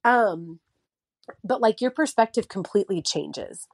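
A woman's voice: mid-range voice, lively intonation, unhurried, breathy edge, no room sound, studio quality. Chatty woman telling a story. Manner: chatty storyteller, many fillers, acts out quotes. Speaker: mother of a child with a heart condition. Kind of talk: casual podcast conversation.

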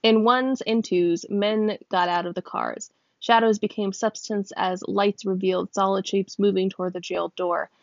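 Woman reading a novel aloud, gravelly. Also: steady tone, moderate pace, no echo. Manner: voices characters with small pitch lifts; stops to check a word's pronunciation and laughs. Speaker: reader. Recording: dull, dry close recording.

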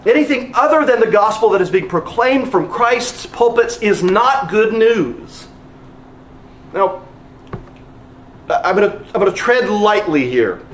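A man's voice: high-pitched, animated, unhurried, reverberant, a little hiss or hum. A man preaching a sermon as pastor, earnest and emphatic, repeating phrases for weight.

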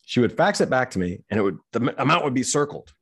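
A man's voice: mid-range voice, big pitch swings, quick pace, fairly bright tone, husky. A middle-aged man, a business-owner guest, telling a story candidly and bluntly, swearing freely. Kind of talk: conversational storytelling.

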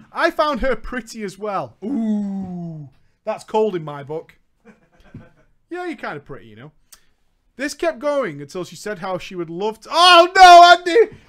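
A man's voice: high-pitched, fairly bright tone. A man hosting a comedy podcast, reading a story aloud with exaggerated, laughing banter.

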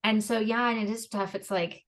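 A woman hosting a podcast, chatting casually in long rambling stories with quick asides. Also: a little high, fairly even intonation. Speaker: podcast host.

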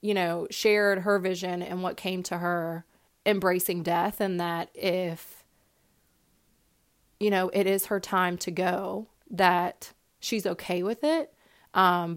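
A woman's voice: lowish voice, smooth. A young woman hosting a podcast, sharing a personal story in a heartfelt, casual way with many fillers and repeated words. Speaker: podcast host.

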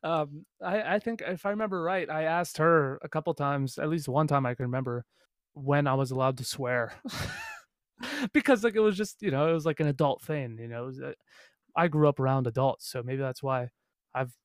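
A man's voice: a little high, fairly quick, dry recording, clean studio sound. A young man hosting a podcast in casual chat, rambling with plenty of fillers and laughing often. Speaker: podcast host.

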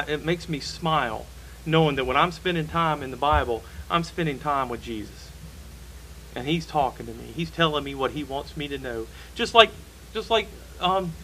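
A man's voice: a little high, bright, forceful tone, a little hiss or hum, rough recording. A man preaching a sermon in a church, emphatic and repeating key phrases for stress.

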